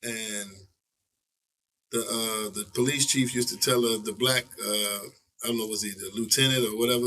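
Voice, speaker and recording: A man's voice: fairly low pitch, moderate pace, slight background noise. A middle-aged man from New York telling stories from his career as a guest in a casual interview, full of slang and swearing, acting out what people said. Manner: animated storyteller who acts out quotes, profane slang. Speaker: veteran rapper, interview guest. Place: indoor interview room. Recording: voice picked up from a distance.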